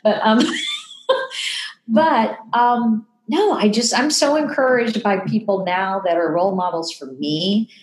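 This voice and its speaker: A woman in her fifties, a television personality telling an emotional story in a podcast interview, animated and acting out the voices she quotes. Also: fairly high pitch, slow, roomy sound, rough recording. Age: 50s.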